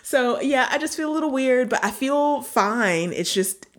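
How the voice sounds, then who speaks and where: A woman's voice: high-pitched, expressive, moderate pace. A woman co-hosting a podcast in casual, rambling chat, a little congested. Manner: rambling, chatty, often trails off. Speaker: podcast co-host.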